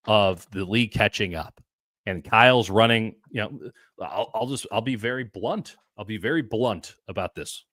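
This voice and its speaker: A man's voice: medium pitch, a bit bright, no echo, clean studio sound. A man co-hosting a postgame sports analysis show, blunt and emphatic, stumbling over restarts as he builds an argument. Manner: emphatic, blunt, repeats himself when revving up. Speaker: sports columnist co-host.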